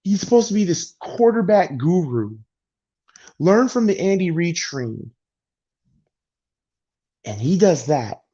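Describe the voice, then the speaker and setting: A man's voice: high-pitched, sing-song, takes it slowly, long pauses, warm tone. A man ranting bluntly and with exasperation as a sports vlogger venting about his football team. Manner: exasperated, blunt, heavy sighing. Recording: dull lo-fi sound.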